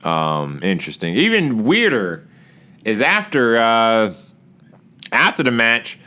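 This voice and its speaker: A man giving a casual wrestling show recap, animated, often laughing and acting out wrestlers' lines in raised voices. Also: mid-range voice, slow pace, clear, resonant tone.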